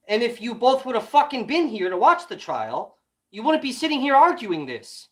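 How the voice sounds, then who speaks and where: A woman's voice: fairly high pitch, sing-song, moderate pace, fairly bright tone. A woman hosting a livestream, scolding her chat in a heated, profanity-filled commentary rant. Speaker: livestream host.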